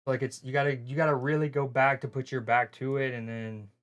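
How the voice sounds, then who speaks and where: Male streamer co-commentator, mid-pitched, loose and talkative, prone to fillers and sudden bursts of excitement. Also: fairly quick, clear, resonant tone, lo-fi sound. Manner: chatty, loose, excitable, with frequent fillers and restarts. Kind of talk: casual live stream commentary.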